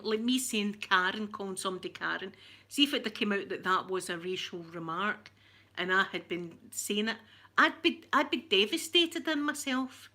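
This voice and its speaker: A woman's voice: medium pitch, sharp tone. A woman chatting casually with viewers on a stream, open and emotional about her feelings. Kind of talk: casual chat answering viewers.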